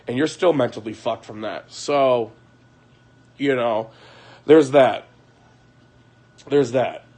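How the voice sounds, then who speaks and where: A man's voice: mid-range voice, a little mellow. A man ranting casually on a livestream at home at night, profane and heated, repeating himself and breaking into laughter.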